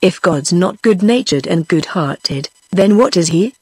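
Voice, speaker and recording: A synthetic woman's voice reading the lines of a bitter, angry middle-aged working man in an audiobook, in a flat machine delivery. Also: fairly low pitch, a little slow, husky, no room sound.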